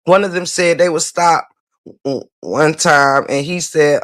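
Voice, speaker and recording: A woman's voice: sits low, fairly even intonation, unhurried, no room sound, studio quality. A woman hosting a livestream, ranting bluntly and profanely while answering viewer comments, repeating her points for emphasis. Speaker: livestream host.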